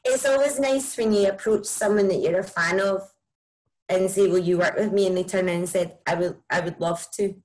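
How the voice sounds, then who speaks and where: A woman with a broad Scottish accent, a musician chatting casually and warmly about her music in an interview, with lots of "like" and "um". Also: medium pitch, fairly quick, low-quality recording. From Scotland. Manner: chatty, enthusiastic, many likes and ums. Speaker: musician guest.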